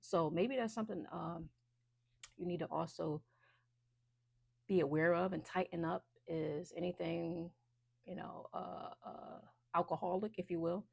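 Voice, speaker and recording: A woman's voice: lowish voice, fairly even intonation, a little slow, gravelly, a little mellow, slightly rough, no echo, studio quality. A woman giving a casual, chatty intuitive card reading, loose and full of fillers. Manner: chatty, loose, many fillers and restarts, laughs often.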